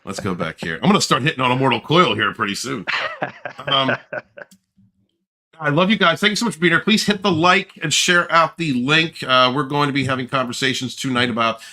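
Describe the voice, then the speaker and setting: A man's voice: medium pitch, brisk, bright, forceful tone. A man hosting a livestream, rambling brashly and boasting, with frequent laughs. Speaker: livestream host. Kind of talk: casual livestream chat.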